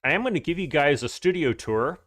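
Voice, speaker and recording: A man's voice: a little high, expressive, a little fast, a bit bright, no room sound, studio quality. Chatty man streaming a farming game. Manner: chatty, greets viewers with "howdy", rambling restarts. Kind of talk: casual live-stream gaming commentary.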